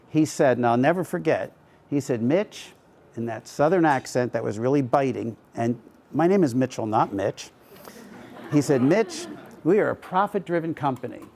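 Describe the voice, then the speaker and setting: A man's voice: mid-range voice, creaky, darkish tone. A middle-aged man, a company co-founder, speaking at a live event in a conversational storytelling way with frequent fillers. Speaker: company co-founder giving a talk.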